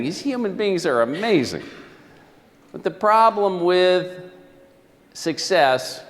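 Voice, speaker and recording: Animated male motivational speaker, echoey hall. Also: a little high. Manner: animated, questions the audience, storytelling. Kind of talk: live motivational presentation.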